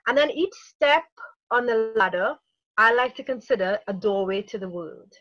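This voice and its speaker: Lively woman, parenting coach explaining. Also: fairly high pitch, normal speed, no echo, lo-fi sound. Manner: energetic, acts out inner dialogue in quotes. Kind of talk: podcast interview.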